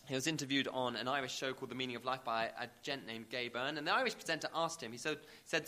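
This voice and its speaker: A man's voice: medium pitch, fast, hardly any pauses, pushed and bright. A man preaching a sermon, emphatic, building to rising repeated questions.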